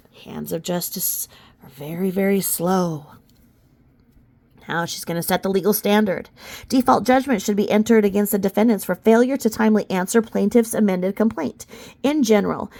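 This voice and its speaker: Sarcastic gravelly woman reading legal filings. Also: mid-range voice. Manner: sarcastic, mocking asides with sudden loud outbursts. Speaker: commentator reading court documents. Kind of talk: casual commentary reading legal filings aloud.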